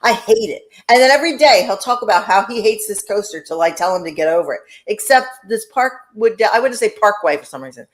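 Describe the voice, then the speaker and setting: A woman's voice: medium pitch, lively intonation, fast talker, few pauses. Woman podcast host, chatty, laughs a lot, cusses, does little impressions. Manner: laughs often, swears, mimics others. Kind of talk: casual chat.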